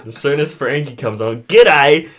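Gravelly young New man. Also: on the low side, moderate pace, a bit bright. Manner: hesitant with ums, dry delivery. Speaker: podcast co-host. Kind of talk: casual chat.

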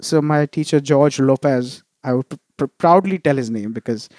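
A man's voice: medium pitch, moderate pace, a little mellow, dry recording, studio quality. A young man from India, a musician telling stories in a casual interview, laughing often and restarting phrases. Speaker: musician guest.

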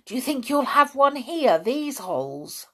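A woman reading aloud, voicing an eager, excitable farm boy who longs for adventure. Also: measured pace, exaggerated voice. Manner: eager, breathless, pitched up.

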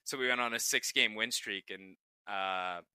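A young man spins locker-room tales with a bright, lively edge and lots of swearing. His voice sits a little low, and the sound is dry and close with no room around it. It's loose, casual podcast banter. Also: normal speed, clean tone, no room sound. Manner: profane, laughing anecdotes. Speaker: podcast co-host, pro hockey player. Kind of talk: casual storytelling chat.

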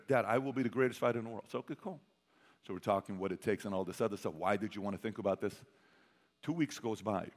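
A man telling a personal story to a live audience as a motivational speaker. He quizzes the crowd and swings between loud bursts and hushed asides. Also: on the low side. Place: large hall with an audience. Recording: long hall reverb.

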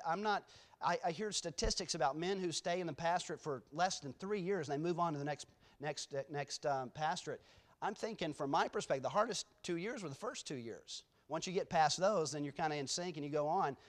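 Rambling, chuckling guest preacher, a man. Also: fairly high pitch. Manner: rambling, self-deprecating storytelling with many restarts. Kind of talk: informal church address before a sermon. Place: church sanctuary.

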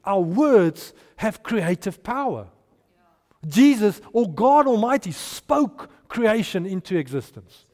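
A man preaching a sermon, animated and storytelling, with restarts and hushed asides. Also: high-pitched, slow pace. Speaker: pastor. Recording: long hall reverb.

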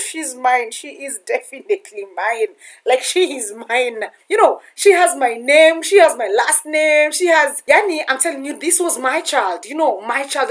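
High-voiced woman telling a story. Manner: animated, swears freely, acts out quoted voices. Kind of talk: casual personal storytelling.

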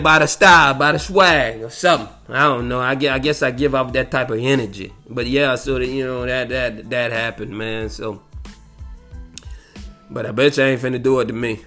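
A man's voice: mid-range voice, sharp tone. A man telling a rambling, profane story in casual chat, saying "you know what I'm saying" again and again. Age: adult, grew up in the nineties.

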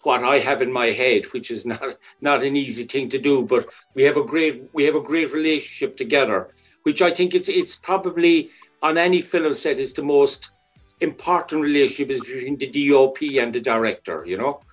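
A man's voice: medium pitch, moderate pace, soft background music. A man, a film director, talking loosely and modestly in a podcast interview.

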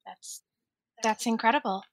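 A woman's voice: a little high, a little slow. A woman playing in a tabletop game, curious and asking questions. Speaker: player.

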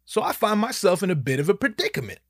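A man telling a personal anecdote in an animated, profane, emphatic way. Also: sits high, fast talker, no echo, clean studio sound. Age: young adult. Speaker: storyteller.

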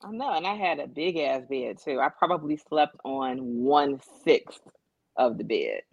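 A woman chats casually as a podcast co-host, spinning animated stories full of acted-out quotes. Her voice sits a little low. The sound is dry and a bit dull, close to the mic. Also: a little slow, slightly rough, dry recording. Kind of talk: casual chat.

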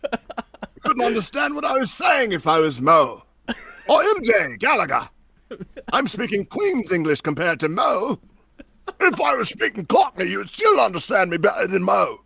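Playful high-voiced male podcast guest. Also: big pitch swings, moderate pace, vocal fry, sharp tone, breathy edge, no echo. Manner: playful, jokey, throws in silly voices. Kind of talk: casual live podcast chat.

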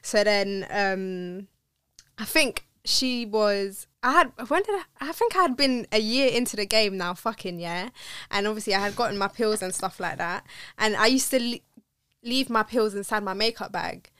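A young woman talks in casual podcast chat, full of slang and swearing as she tells a story. Her voice is smooth and clear, recorded dry and close with no room sound. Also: medium pitch, animated, normal speed, fairly bright tone, no echo. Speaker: podcast co-host.

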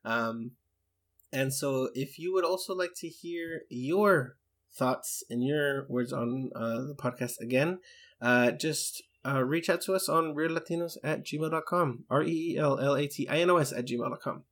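A man's voice: on the high side, a little slow, a bit bright. An English man co-hosting a podcast, chatting enthusiastically and reading out listener emails. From England. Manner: enthusiastic, chatty, with many fillers. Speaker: podcast co-host.

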